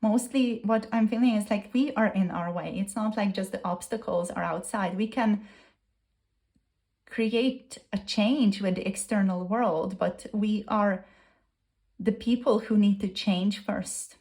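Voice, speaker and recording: A woman's voice: medium pitch, a little slow, a little mellow. Earnest woman channeling a tarot message. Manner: earnest, repetitive, gushing. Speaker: tarot reader.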